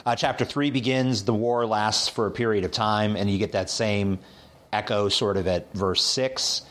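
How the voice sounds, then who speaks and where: A man with a lowish voice talks through a scripture passage in a relaxed study conversation. He narrates in an animated way, stopping often with ums and repeated words. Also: normal speed. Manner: animated retelling with hesitant fillers. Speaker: Bible teacher.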